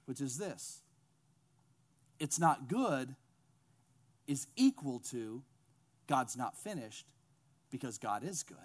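A man's voice: medium pitch, very animated, slow pace, pauses often. A man preaching a sermon, retelling a Bible story with humorous asides and acting out its characters. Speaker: pastor.

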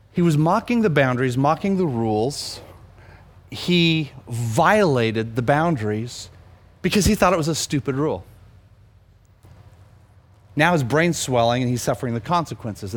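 Animated pastor, higher-pitched man. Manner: animated, emphatic, frequent restarts. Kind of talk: storytelling sermon.

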